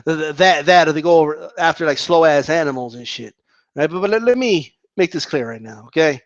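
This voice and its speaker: A man's voice: fairly quick, dry recording, dull audio. A man ranting about boxing in casual commentary, argumentative and mocking, often repeating himself. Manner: animated, argumentative, mocks opponents in high voices.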